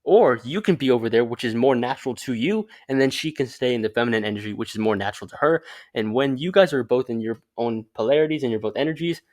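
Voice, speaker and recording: A man's voice: mid-range voice, fast talker, a little mellow. A young man giving casual advice in a rambling monologue, swearing often and correcting himself mid-sentence. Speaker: vlogger giving dating advice.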